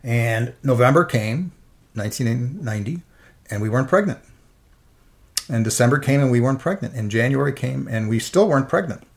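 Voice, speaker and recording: A man's voice: mid-range voice, lively intonation, fairly quick, creaky. Middle-aged man, interview guest, emotional personal testimony. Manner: earnest, emotional storytelling.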